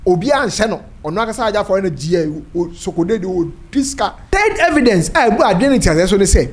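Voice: mid-range voice, quick pace. A Ghanaian presenter retelling a court story, mixing Twi with English legal terms. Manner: animated, switching between Twi and English. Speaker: news presenter.

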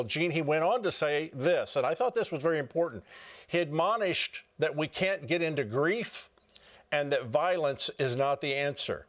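A man on a Christian talk program, relaying a phone message and reading a psalm aloud in an earnest, measured way with quick asides. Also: fairly high pitch. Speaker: program guest.

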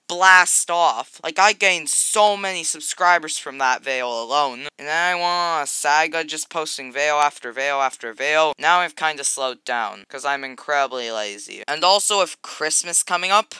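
A young adult YouTuber chatting casually while playing a game, excitable and quick to burst into loud, high exclamations. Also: clear, resonant tone, dry recording. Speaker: gaming YouTuber. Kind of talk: casual gaming commentary.

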